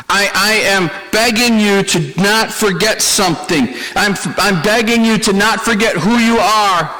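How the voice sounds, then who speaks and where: Male pastor, higher register, conversational sermon delivery with self-deprecating humor, hall reverb. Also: pushed and bright.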